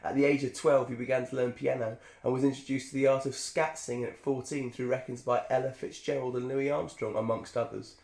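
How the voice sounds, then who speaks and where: A man's voice: medium pitch, level tone, brisk, gravelly, few pauses, a little mellow, roomy sound. A man co-hosting a podcast, reading aloud in a jokey, digressive way and laughing often. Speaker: podcast co-host. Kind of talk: casual chat reading aloud.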